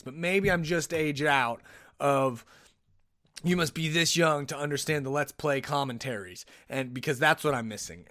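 Rambling podcast man, slightly high voice. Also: dry recording, studio quality. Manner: rambling, animated, self-interrupting. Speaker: podcast host. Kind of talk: casual solo podcast storytelling. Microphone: podcast microphone.

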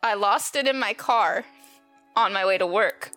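A woman's voice: medium pitch, a little slow, pushed and bright, soft background music. A woman from the Minnesota and Illinois area with an Upper Midwest accent, co-hosting a podcast in casual, giggly, self-deprecating chat. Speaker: podcast co-host.

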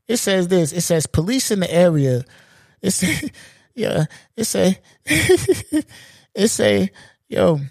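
A man in his forties hosts a solo podcast, his voice sitting a little high. He rants in a loose, profane, animated way and laughs at his own jokes. The sound is dry and close to the mic. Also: dry recording. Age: 40s. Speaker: podcast host. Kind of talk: solo comedic podcast rant.

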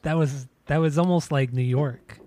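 A man's voice: a little high, steady tone, moderate pace, warm tone. A man co-hosting a podcast, chatting casually and making dry, teasing remarks. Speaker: podcast co-host. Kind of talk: casual chat.

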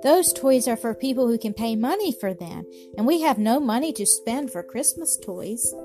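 A woman voicing a gentle, weary old grandmother in a storybook, speaking softly and tenderly with a sighing manner. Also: on the high side, animated, moderate pace, lightly acted. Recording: music playing behind.

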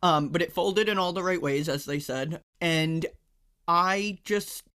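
A man's voice: fairly high pitch, unhurried, bright, forceful tone, smooth. A young adult man co-hosting a podcast, telling things in a blunt, wry, matter-of-fact way in casual chat. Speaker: podcast co-host.

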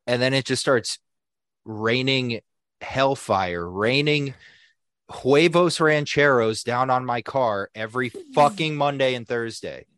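A young adult man co-hosting a podcast, telling a story in a casual, animated way, swearing freely and acting out what other people said. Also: mid-range voice, slow, no room sound, clean studio sound. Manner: animated, profane, acts out quoted people. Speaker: podcast co-host.

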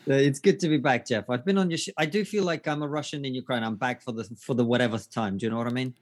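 A man's voice: medium pitch, fast. A man joining a podcast as guest co-host, speaking casually in a confident, frank way with the odd swear word. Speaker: guest co-host, comedian and commentator. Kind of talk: casual chat.

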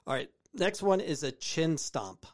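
A man from the United States with a slightly high voice hosts a casual show, talking over soccer clips. He is opinionated and drives his points home by repeating phrases. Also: sing-song, a little slow. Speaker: podcast host reviewing soccer clips. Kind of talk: casual commentary on video clips.

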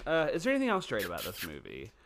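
A man's voice: medium pitch, quick pace, vocal fry, crowd noise. A man co-hosting a podcast in casual, jokey chat about a movie. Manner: chatty, animated, jokey. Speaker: podcast co-host.

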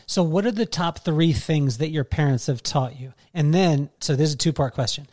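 An enthusiastic male podcast host with a fairly high voice. He rambles through his questions, restarting them as he goes, in an easy, chatty interview style. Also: moderate pace, darkish tone. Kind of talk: casual interview chat.

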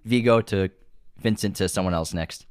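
A man's voice: sits low, moderate pace, smooth. A man co-hosting a movie podcast, chatting casually, running a quiz and laughing often. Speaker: podcast co-host.

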